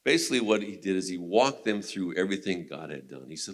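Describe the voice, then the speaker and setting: A man's voice: sits low, brisk, few pauses. A man teaching a men's Bible study in a casual, conversational way, retelling scripture stories and laughing now and then.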